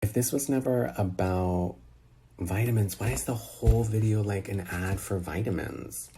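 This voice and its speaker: A man's voice: on the low side, moderate pace, dark tone, faint music behind. A man chatting casually over a phone call, reacting to a video in an incredulous, sassy way.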